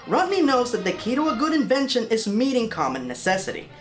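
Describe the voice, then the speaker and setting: A woman's voice: a little high, very animated, a little fast. A woman narrating a comedic film review in a sarcastic, exasperated manner.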